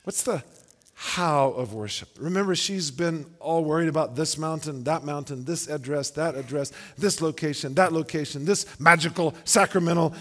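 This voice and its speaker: A man's voice: on the high side, vocal fry, a bit bright. A man preaching a sermon as pastor, emphatic, asking rhetorical questions and repeating words as he builds his points. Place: church sanctuary. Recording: long church-hall reverb.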